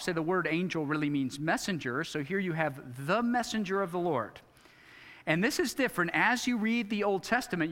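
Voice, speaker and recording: A man's voice: high-pitched, a bit bright, big-room sound. A man preaching a sermon as pastor, conversational, with many rhetorical questions to the congregation. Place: church sanctuary.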